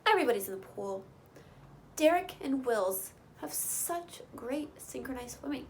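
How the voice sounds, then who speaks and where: A chatty young woman rambling through a gossipy recap with opinionated asides. Her voice sits a little high, and a faint hiss runs underneath. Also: lively intonation, normal speed, a little mellow, low-quality recording. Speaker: recap vlogger. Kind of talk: casual gossipy show recap.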